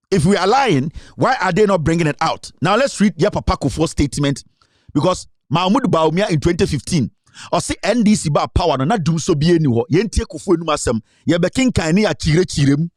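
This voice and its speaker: A man's voice: sits high, no echo, clean studio sound. A Ghanaian man giving emphatic political commentary, mixing languages and reading out quotes. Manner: emphatic, code-switching, reads out quotes.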